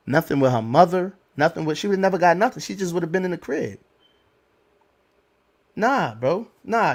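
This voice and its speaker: A middle-aged man on a podcast, telling a personal story in casual, slangy talk, animated and laughing along. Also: on the high side. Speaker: podcast co-host.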